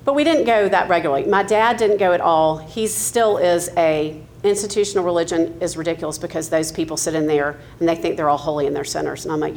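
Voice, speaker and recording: A woman's voice: fairly low pitch, fast talker, hardly any pauses, a little mellow, a little hiss or hum. Candid Southern woman in her fifties. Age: 50s. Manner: candid storytelling with frequent ums and laughs. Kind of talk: personal testimony.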